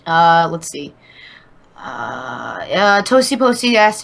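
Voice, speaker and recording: A woman co-hosting a gaming podcast in loose, casual chat. Her voice is bright and clear, and she rambles through fillers and restarts with an easy, offhand curse now and then. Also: lowish voice, sing-song, slow. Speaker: podcast co-host.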